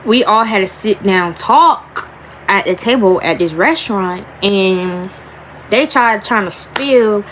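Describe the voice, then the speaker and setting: A woman's voice: medium pitch, expressive, fairly bright tone, slight background noise, rough recording. Young woman telling a story. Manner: emotional, rambling, addresses viewers as y'all, slows and rises on emphasis. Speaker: vlogger. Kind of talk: storytime vlog talking to camera.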